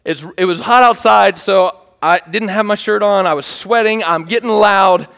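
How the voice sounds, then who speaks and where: A man with a high, bright-sitting voice preaches a sermon as an animated storyteller, joking and checking in with the congregation. His voice rings out through a church hall with a long reverb tail. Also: moderate pace, gravelly. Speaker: pastor.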